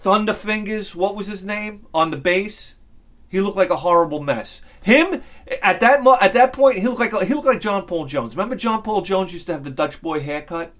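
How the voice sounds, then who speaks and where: A man hosting his own channel tells an excitable, rambling story in a casual monologue, swearing freely. His voice is high-pitched and his pace moderate.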